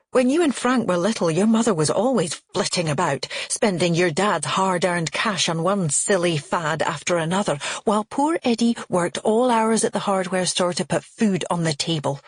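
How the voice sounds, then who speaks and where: A scornful older aunt with a lilt, put on by a woman reading a thriller audiobook. Her sneering, contemptuous delivery comes out a touch husky and raised in pitch, and it sounds dry and close. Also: animated, moderate pace, dry recording.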